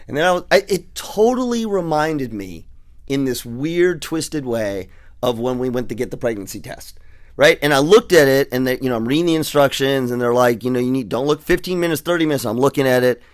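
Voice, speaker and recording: A man's voice: mid-range voice, expressive, fairly quick. A middle-aged man co-hosting a radio talk show, chatting casually and rambling with many restarts. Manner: rambling, restarts often, laughs easily. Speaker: radio co-host.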